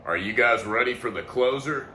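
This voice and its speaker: A man's voice: medium pitch, moderate pace. A man co-hosting a casual music podcast, cracking jokes and swearing as he chimes in. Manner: jokey, swears, lively interjections. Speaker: podcast co-host. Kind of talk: casual review chat. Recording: echoey room, faint noise.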